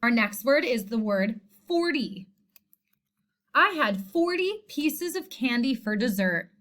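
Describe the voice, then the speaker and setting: A woman teacher giving a spelling lesson, speaking slowly and deliberately and repeating each word. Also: on the high side, animated, fairly bright tone. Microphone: screen recording voice-over.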